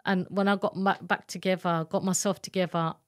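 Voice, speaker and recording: A woman speaks as an interview guest, recounting her own experience in a candid, earnest way. Her voice sits on the lower side, and she often pauses, restarts and searches for words. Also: flat delivery. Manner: candid, earnest, halting retelling. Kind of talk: emotional personal testimony in an interview.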